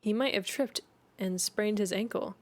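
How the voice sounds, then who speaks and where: A man's voice: high-pitched, normal speed, no echo, lightly acted. A woman voicing an earnest, uneasy young Englishman in a storybook reading, with stumbling restarts in her lines.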